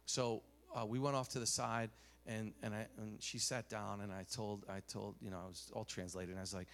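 A man preaching a sermon, telling stories animatedly, dropping to a hush and rising loud again, with many restarts. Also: fairly low pitch, little pitch movement, a little fast, gravelly.

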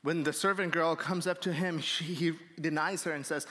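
A man's voice: on the high side, steady tone, normal speed, sharp tone. A male pastor delivering a sermon, earnest and building up to emphatic points, recorded in a church. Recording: long reverb of a hall.

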